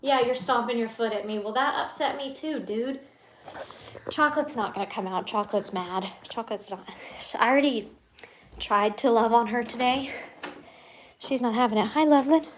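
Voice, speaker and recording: A woman's voice: a little high, moderate pace. A woman hosting a casual late-night live stream, chatting to viewers and cooing to her pet rabbits. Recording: roomy room with faint noise.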